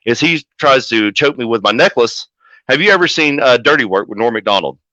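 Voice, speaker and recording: A man's voice: mid-range voice, animated, a little fast, bright, forceful tone, no room sound, lo-fi sound. A man, a wrestling manager, telling a profane story in a casual interview and acting out the quotes as he goes.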